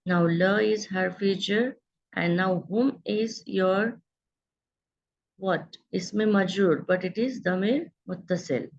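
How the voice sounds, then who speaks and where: Gravelly-voiced woman teaching grammar. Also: mid-range voice, takes it slowly, lo-fi sound. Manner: patient, explanatory, checks in with students. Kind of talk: online grammar lesson.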